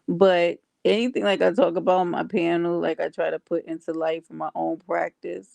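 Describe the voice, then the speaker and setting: Gravelly low-voiced woman chatting on stream. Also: little pitch movement, normal speed, darkish tone, dry recording. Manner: chatty, talks to viewers and reads comments aloud. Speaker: livestream host. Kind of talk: casual livestream chat.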